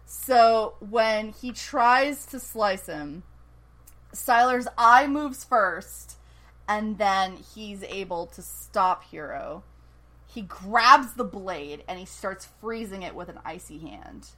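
Woman, podcast co-host, animated storyteller who acts out the lines and laughs easily. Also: mid-range voice, slow pace, poor audio. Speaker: podcast co-host recapping a TV episode. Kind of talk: casual chat.

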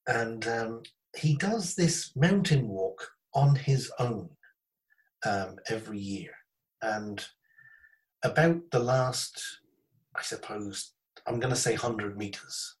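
A man's voice: mid-range voice, takes it slowly, recorded from a distance, rough recording. Rambling man telling anecdotes. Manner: rambling, animated anecdotes with laughs. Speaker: podcast host. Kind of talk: casual storytelling chat.

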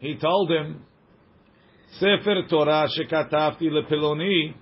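A man teaching a text study class, reading passages quickly and translating them line by line, joking with his students. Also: a little high, steady tone. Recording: dull lo-fi recording.

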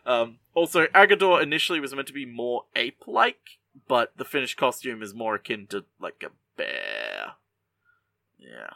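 Jokey male co-host, very bright and gravelly, dry close sound. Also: mid-range voice, sing-song, a little fast, few pauses, dry recording. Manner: playful, jokey, laughs between remarks. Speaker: podcast co-host. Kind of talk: casual chat.

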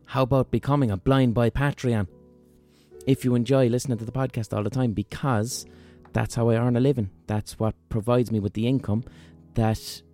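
A man hosts a podcast in relaxed, casual conversation. He rambles with a jokey, irreverent manner. Faint music sits under his voice. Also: medium pitch. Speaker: podcast host.

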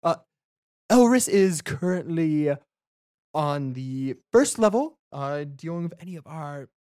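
A man's voice: on the high side, expressive, measured pace, a little mellow, clear, resonant tone, dry recording, clean studio sound. A man running a tabletop game as game master, narrating scenes with loose, playful laughter.

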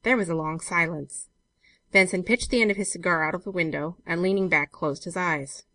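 A woman narrating a classic short story as a volunteer audiobook reader in a measured, even manner. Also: on the low side, dry recording. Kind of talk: scripted narration.

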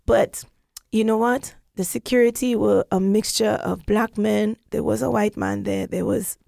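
A woman podcast host telling a story in casual chat, animated and acting out the voices she quotes. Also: mid-range voice, a little slow, vocal fry, no room sound, studio quality. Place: London.

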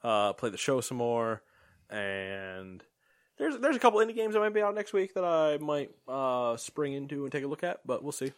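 A man's voice: medium pitch, sing-song, moderate pace, clear, resonant tone, no echo, clean studio sound. A man co-hosting a podcast, joking around in casual chat and laughing often. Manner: joking, laughs often, trails off mid-sentence. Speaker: podcast co-host.

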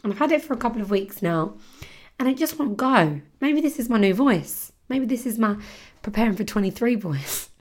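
A woman's voice: fairly high pitch, animated, moderate pace, a little mellow. Chatty woman host with a sore throat. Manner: chatty, rambling, full of "like". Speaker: podcast host. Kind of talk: casual solo podcast chat.

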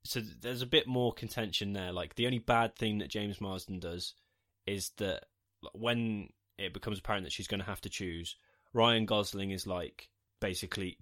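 Wry, low-voiced man. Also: normal speed, a bit bright. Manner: wry and sarcastic, swears casually. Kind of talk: casual chat recapping a film.

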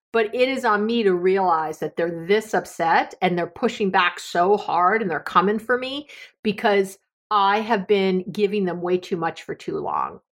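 A middle-aged woman hosting a solo advice podcast, chatty and animated, laughing often and acting out other people's words. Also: medium pitch. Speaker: podcast host.

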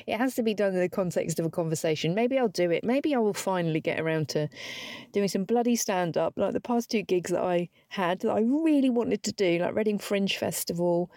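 A woman's voice: medium pitch, darkish tone, dry recording, studio quality. A woman in her forties with a British accent telling a wry, chatty story on her own podcast, swearing now and then and acting out the dialogue. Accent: British English. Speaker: podcast host. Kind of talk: casual solo podcast storytelling.

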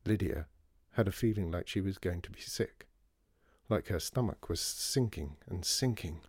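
A man reading a children's story aloud in an expressive way and doing the character voices. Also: deep voice, moderate pace, breathy edge, no room sound, studio quality. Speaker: audiobook reader. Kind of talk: storybook narration.

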